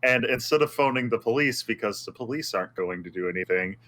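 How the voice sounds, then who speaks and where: A man's voice: mid-range voice, animated, fast talker, bright, forceful tone. A man on a tech podcast, joking wryly and sharing opinions in casual chat. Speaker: podcast co-host.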